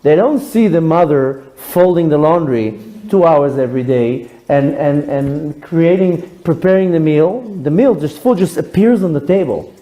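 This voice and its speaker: A male rabbi giving a sermon, animated and humorous, acting out voices as he talks. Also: a little high, a little slow, poor audio. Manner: animated storyteller, acts out quotes with humor.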